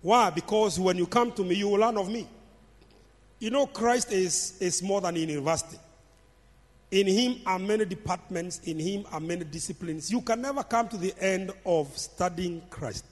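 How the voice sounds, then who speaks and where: A man preaching a midweek sermon in a fairly high voice, pressing his points by repeating phrases. His words ring out with a long reverb trailing behind them, as if he is in a church hall. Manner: emphatic, repeats phrases for stress. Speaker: pastor.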